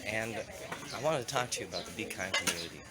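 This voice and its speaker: His pitch is fairly low, his intonation lively and his pace quick. Nursing a cold, this vlogger and community founder rambles conversationally and self-corrects as he walks outdoors through town toward a river, with street noise clearly heard.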